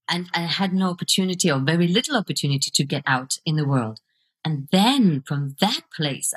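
Low, husky-voiced woman coach. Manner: reflective, earnest, laughs easily. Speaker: guest, video coach and author. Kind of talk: podcast interview.

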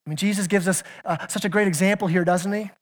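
A man's voice: sits high, steady tone, fast talker. A man preaching a sermon as pastor, earnest and emphatic, asking his listeners question after question and sometimes stumbling into restarts. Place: church sanctuary. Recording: church hall with long reverb.

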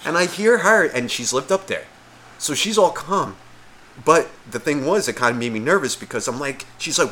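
Profane, animated man telling a story. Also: fairly high pitch, moderate pace. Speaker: podcast co-host. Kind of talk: casual storytelling chat.

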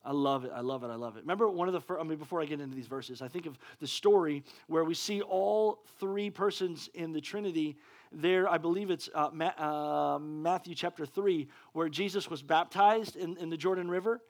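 A male preacher giving a sermon, excitable and often stumbling over restarts. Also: on the high side, brisk.

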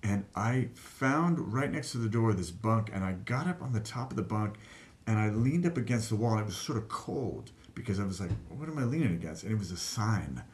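A man telling a personal story in casual talk, animated, laughing at times and swearing freely. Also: fairly low pitch, normal speed. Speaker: guest telling a life story.

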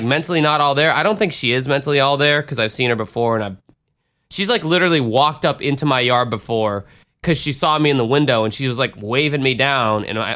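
A man's voice: mid-range voice, pushed and bright. A man hosting a podcast, telling a profane, rambling story in a self-deprecating way. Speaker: podcast host and DJ. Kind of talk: casual storytelling.

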